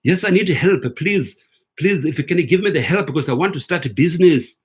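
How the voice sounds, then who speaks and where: A man's voice: on the high side, lively intonation, fairly quick, husky. A man voicing an earnest, pleading man who asks for help with a loan application.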